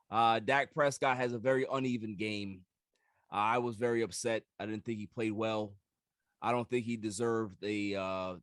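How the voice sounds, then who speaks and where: Teasing New York podcast host. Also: male voice, lowish voice, no echo, studio quality. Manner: lively, teasing. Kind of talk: casual podcast hosting.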